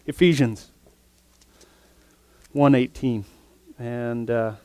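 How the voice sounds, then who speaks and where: An earnest male preacher delivers his sermon in a middle-pitched voice. He punches some lines loudly and drops others to a hush. The sound is dry, with no room echo. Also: fairly even intonation, extremely slow, smooth. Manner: earnest, swings from loud emphasis to soft near-whispers.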